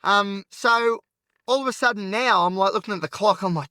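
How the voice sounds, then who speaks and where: A man's voice: high-pitched, expressive, a little fast, pushed and bright, dry recording. An anxious, agitated Australian man hosting a podcast, rambling frankly in a solo talk while he drives at night. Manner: rambling and frank, heavy on filler. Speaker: podcast host. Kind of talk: candid solo monologue while driving. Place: inside a car at night.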